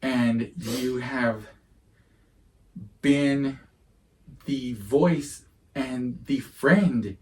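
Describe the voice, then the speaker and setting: A man's voice: mid-range voice, very slow, long pauses, a little mellow, far from the mic, low-quality recording. A middle-aged man hosts a casual podcast, taking his time over each word. He speaks with earnest, heartfelt sincerity. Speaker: podcast host. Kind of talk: casual chat.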